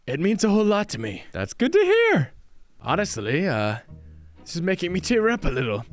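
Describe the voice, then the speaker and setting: A man's voice: a little high, fairly bright tone. A young man hosting a comedic Minecraft role-play, talking in a theatrical, jokey way. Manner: theatrical, jokey, swooping delivery. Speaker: host.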